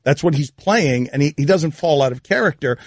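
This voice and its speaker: A man hosting a sports radio talk show, telling stories quickly and animatedly, laughing as he goes. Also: fairly high pitch, husky, dry recording, clean studio sound. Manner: fast, animated storytelling with laughter. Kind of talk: casual sports radio banter. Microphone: studio microphone.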